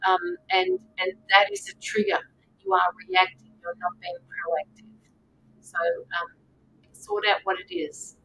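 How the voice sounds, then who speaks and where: Lively, earnest woman tarot reader. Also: very high voice, a little slow, gravelly, distant mic, faint music behind, poor audio. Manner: earnest, repeats herself, checks in with "right?". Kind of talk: live-stream reading, casual coaching talk.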